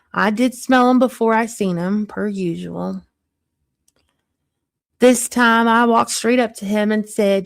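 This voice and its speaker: Woman doing a crass country mother of three, put-on Southern twang, blunt and gossipy, mid-pitched, dry close sound. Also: dry recording. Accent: put-on Southern country accent. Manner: blunt gossipy storytelling, crude jokes. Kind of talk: live-streamed character monologue.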